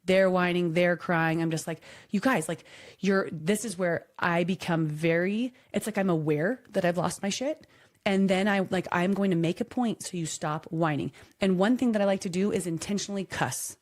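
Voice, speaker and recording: Animated mom telling a story. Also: female voice, lowish voice, normal speed. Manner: animated storyteller acting out voices. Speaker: podcast co-host. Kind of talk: casual chat.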